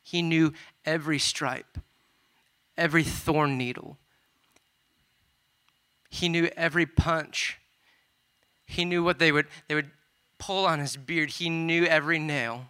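A man's voice: fairly high pitch, steady tone, a little slow, long pauses, bright, forceful tone, clear, resonant tone. A man preaching a sermon, retelling scripture in a loose, conversational way with casual asides.

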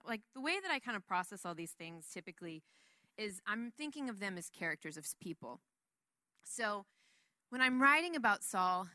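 A woman leads a relaxed Bible teaching, talking in a chatty, rambling way with frequent laughs. Her voice is a little high and notably bright. The sound is dry and close. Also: dry recording.

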